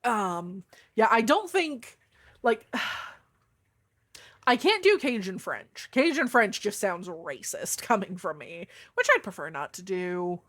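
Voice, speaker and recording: A young adult woman streamer chatting casually with her viewers, swearing freely, with a deeper voice than most women. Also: very animated, slow pace, fairly bright tone. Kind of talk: casual live-stream chat.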